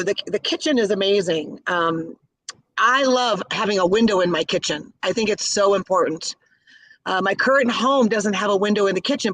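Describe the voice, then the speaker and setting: A woman's voice: medium pitch, a bit bright, low-quality recording. A middle-aged woman from the Chicago area, a caterer, telling stories in an interview with gushing enthusiasm. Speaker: guest, caterer. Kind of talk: interview storytelling.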